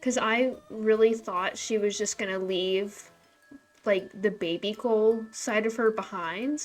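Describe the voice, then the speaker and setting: A woman's voice: mid-range voice, measured pace, soft background music. A woman chatting casually with a streamer during a game, modest and dry in her replies. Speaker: stream guest. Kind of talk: casual gaming chat.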